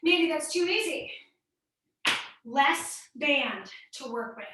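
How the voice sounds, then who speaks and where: Her voice is high and lively in intonation but slow, with frequent pauses and a bit of brightness, as this upbeat Midwestern American fitness coach encourages her workout class while exercising. The recording is distant, in a very echoey room with slight background noise.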